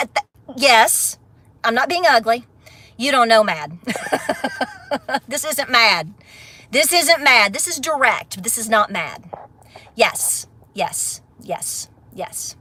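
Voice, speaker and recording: A middle-aged Appalachian woman who runs a homestead vlog rants bluntly on a casual livestream, then turns laughing and affectionate with her viewers. Her voice is high-pitched with a sharp tone.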